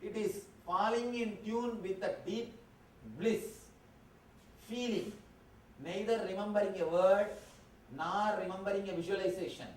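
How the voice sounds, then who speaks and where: A man as a spiritual teacher leading a guided meditation in a convention hall, giving calm instructions in slow, short phrases. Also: sits high, a little hiss or hum. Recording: roomy hall, distant mic, faint ambience.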